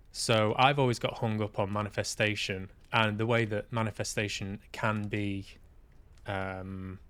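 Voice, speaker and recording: A man's voice: fairly low pitch, a bit bright. A man hosting a podcast, talking candidly in a casual, reflective monologue, self-deprecating and swearing now and then. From Manchester, UK. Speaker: podcast host and actor.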